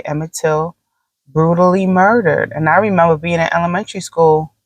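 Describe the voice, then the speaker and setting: A woman's voice: on the low side, no echo, poor audio. A woman hosting a solo podcast, talking in a blunt, profane, opinionated way with rambling asides and frequent fillers. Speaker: podcast host. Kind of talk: casual solo podcast monologue.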